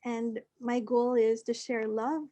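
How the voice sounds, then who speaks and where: A woman on a video call reading her short personal statement in a measured, even way. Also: a little high, dull audio. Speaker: workshop participant.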